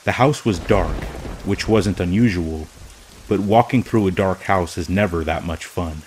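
A man narrating a true scary story from a script, in a slow, hushed, measured way. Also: deep voice, slight background noise, rough recording.

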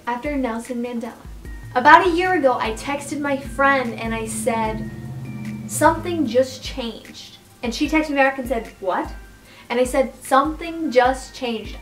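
A young woman talking to camera in a casual vlog, animated and incredulous, with outbursts of swearing. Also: a little high, poor audio. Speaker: YouTuber.

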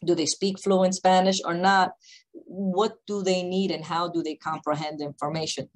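A woman who founded a company, speaking on a video call panel with emphatic, deliberately slow, repetitive points. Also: fairly low pitch, little pitch movement, low-quality recording. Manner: emphatic, repeats key points, speaks slowly on purpose.

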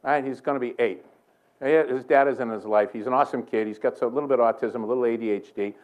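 A man's voice: mid-range voice, phone-quality sound. Older Boston man preaching with jokes. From Boston area. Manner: joking, conversational preaching with quick asides. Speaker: guest preacher. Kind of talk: sermon. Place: church sanctuary.

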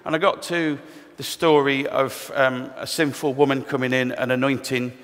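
A man's voice: medium pitch, little pitch movement, moderate pace, fairly bright tone. Man telling his testimony in a reverberant hall. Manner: candid, self-deprecating, storytelling with humor. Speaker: church speaker sharing his testimony. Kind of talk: personal testimony talk. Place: church hall. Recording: long reverb of a church hall.

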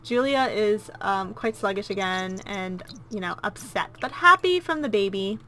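A woman's voice: mid-range voice, expressive, normal speed, sharp tone, slight background noise. A woman hosting a let's play, chatting casually and gushing as she comments on her gameplay. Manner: gushing and cooing, easily delighted.

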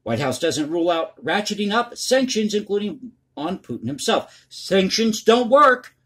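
Male commentary host with a high, husky voice, blunt and crass in his opinions. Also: sing-song, moderate pace.

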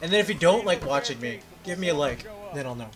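Giggly guy doing a let's play, high voice that jumps all over, swears a lot. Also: animated, quick pace, fairly bright tone. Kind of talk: casual gaming commentary.

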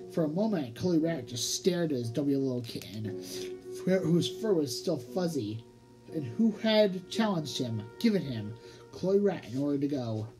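A woman's voice: sits low, low-quality recording. Woman reading a storybook aloud over music. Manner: expressive, drawn-out emphasis. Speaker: audiobook narrator. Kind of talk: storybook read-aloud narration.

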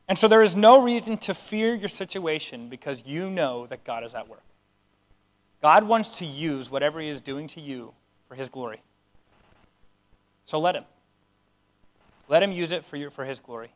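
A man in his thirties delivers a sermon in a fairly high, light voice. He preaches in an earnest, conversational way, mixing homely asides with emphatic calls to his listeners. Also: lively intonation, normal speed, pauses often, a bit bright. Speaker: pastor.

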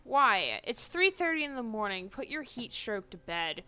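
A woman's voice: on the high side, sing-song, moderate pace, pushed and bright, faint music behind. A woman streaming a game live, chatting casually, exasperated, and swearing freely.

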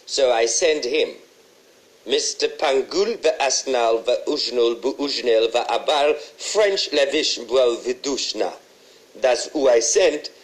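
A man's voice: medium pitch, natural voice, poor audio. A Jamaican man voicing an old statesman on a banknote, chatty, rambling and forgetful in a comedic bit. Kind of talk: comedic impression.

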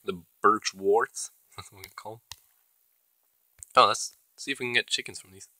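A man's voice: fairly low pitch, fairly even intonation, moderate pace, bright, forceful tone, no room sound, poor audio. A man hosting his own gaming channel, giving casual, chatty commentary as he plays and talking to the creatures in the game. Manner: chatty, talks to himself and the game mobs.

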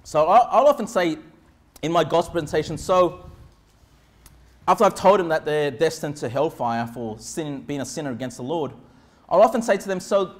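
A man preaching as pastor, with quick asides and sudden shouted lines. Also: a little high, expressive. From Australia. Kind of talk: sermon.

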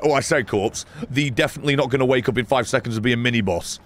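A man's voice: mid-range voice, quick pace, gravelly, hardly any pauses, slight background noise. A man streaming a horror game, chatting casually with his viewers, reading their messages and swearing freely as he plays. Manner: swears freely, banters with chat. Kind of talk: casual gameplay commentary.

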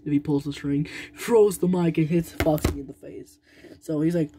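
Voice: medium pitch, fairly even intonation, moderate pace, dark tone, slight background noise. A young narrator telling a toy play story, rambling and stalling with fillers and humming, indoors at home.

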